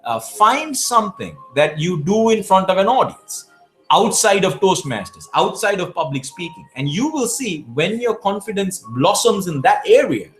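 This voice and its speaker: This South Asian public speaking champion fields viewer questions live, offering forceful coaching tips while frequently starting his sentences over. He speaks in a high, sing-song voice with a fairly bright tone at a moderate pace, faint music behind him.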